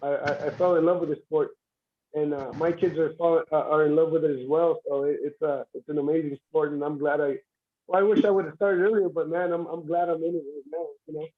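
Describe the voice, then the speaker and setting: A man's voice: a little high, steady tone, brisk, narrow, tinny audio. A man guest chatting casually on a livestream, rambling, repeating words and laughing often. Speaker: guest arm wrestler.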